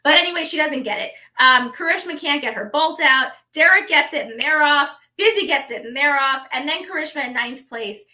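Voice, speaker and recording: A woman, co-hosting a show and recapping it in an animated, chatty way. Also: sits high, a little fast, few pauses. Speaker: co-host, reality show recap. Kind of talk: casual chat.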